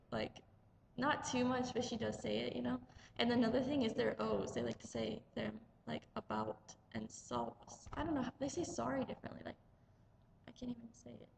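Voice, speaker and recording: A young woman from the United States chats her way through a long vlog story, stringing events together with "and then" and "I was like". Her voice sits a little high with a gravelly, fry-tinged edge. Faint noise hums under the recording. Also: darkish tone, low-quality recording. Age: young adult. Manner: chatty, rambling, lots of "like". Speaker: vlogger. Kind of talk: casual travel vlog storytelling.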